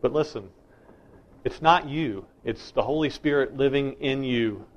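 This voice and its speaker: A man's voice: mid-range voice, unhurried, dull audio. A middle-aged man preaching a sermon as a pastor, emphatic and insistent.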